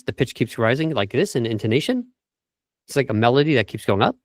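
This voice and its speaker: A man's voice: mid-range voice, sing-song, quick pace, dry recording, clean studio sound. A man working as a vocal coach, explaining tips step by step in an interview over a video call and briefly demonstrating speech habits.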